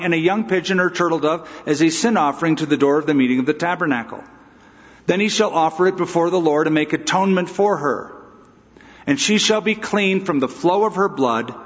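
A man's voice: a little high, in a large hall, dull audio. A pastor giving an emphatic, conversational expository sermon, asking his listeners rhetorical questions.

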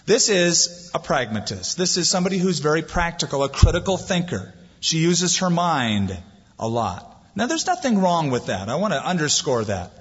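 A man preaching a sermon, and his pitch rises and falls as he acts out the voices in the story. His voice is somewhat husky and a little high for a man. The sound is dull and lo-fi, with a long reverb from a large hall. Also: moderate pace. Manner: lively preaching, acting out quoted voices. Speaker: pastor.

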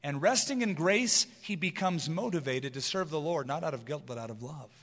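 A man preaching an expository sermon as pastor, earnest and emphatic, slowing down to read scripture. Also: fairly high pitch, animated, fairly bright tone, long reverb tail.

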